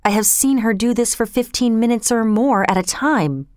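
A woman voicing a frightened, dutiful waiting gentlewoman who speaks in a hushed, timid way. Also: fairly high pitch, normal speed, dry recording, studio quality, voice pushed up, close to an everyday voice.

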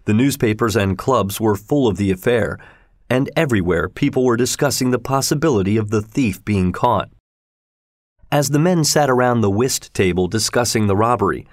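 Male storybook narrator, mid pitch, steady, dry close sound. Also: dry recording.

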